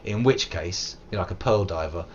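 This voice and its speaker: A British man in his thirties giving live commentary while he plays, self-mocking and swinging from loud outbursts to low mutters. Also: a little fast. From United Kingdom. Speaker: streamer. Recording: muffled with steady background hiss.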